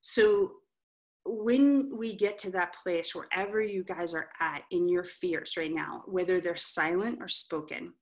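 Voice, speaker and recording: Candid, lively middle-aged woman speaker. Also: fairly low pitch, measured pace. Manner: candid, animated storytelling with frequent "right?" asides. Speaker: author and coach, guest speaker. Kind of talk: motivational talk to an audience.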